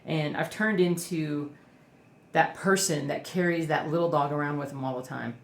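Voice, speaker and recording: Woman, low voice, casual chat, rambling with fillers, echoey room, faint hiss. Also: steady tone, normal speed. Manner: rambling, with many fillers and baby talk to her dog. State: emotional, near tears. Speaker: cross stitch vlogger. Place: indoors at home.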